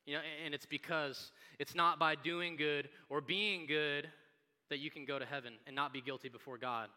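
A pastor preaches in a relaxed, conversational way and tells the story with animation. His voice sits high and sounds very bright and crisp. A long hall reverb lingers after his phrases. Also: normal speed. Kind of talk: sermon.

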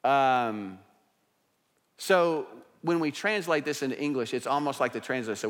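A male pastor preaching a sermon in church, speaking conversationally and moving from hushed asides to raised emphatic passages. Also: mid-range voice, moderate pace. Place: church sanctuary. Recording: long hall reverb.

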